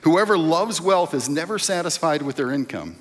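A male pastor delivers a casual, story-driven sermon with a lively, swinging pitch. His voice carries the long reverb of a church hall. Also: normal speed. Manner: conversational preaching, tells stories.

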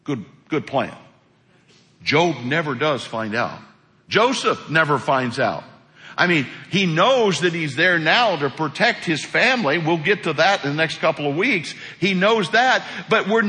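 A man preaching a sermon as pastor, animated, acting out quotes as he preaches. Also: fairly high pitch, measured pace. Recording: echoey hall.

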